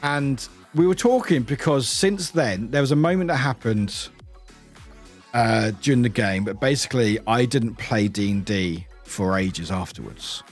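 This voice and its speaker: A young British man in casual stream chatter, his pitch bouncing lively up and down as he laughs and swears. He talks straight to his viewers and shouts them out by name. Faint music plays underneath. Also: measured pace. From United Kingdom. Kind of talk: casual live-stream chat.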